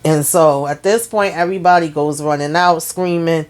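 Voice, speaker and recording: A woman's voice: sits low, steady tone, moderate pace. A woman casually recapping a TV episode in a chatty, colloquial way. She keeps checking in with "okay?" and "y'all" and acts out the characters' lines as she goes. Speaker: TV recap vlogger.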